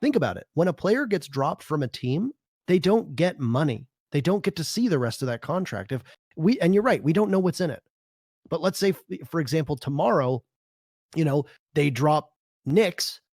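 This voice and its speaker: A man's voice: on the high side, very animated, normal speed, darkish tone, no echo. A man on a casual podcast, laying out a reasoned counterargument. His voice sits a little above the usual male range. The sound is dry and close. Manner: reasoned, argumentative. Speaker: podcast co-host.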